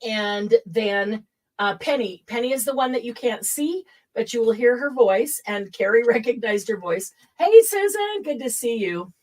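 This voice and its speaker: A woman hosting a casual craft livestream at home, chatty and quick to laugh as she greets viewers by name. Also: on the high side, expressive, a little mellow, rough recording.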